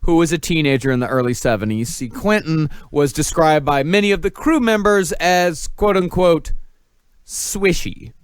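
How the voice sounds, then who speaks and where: A man's voice: a little high, normal speed, clear, resonant tone, no room sound, studio quality. A man hosting a podcast, narrating a researched story with wry asides to his co-hosts. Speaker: podcast host.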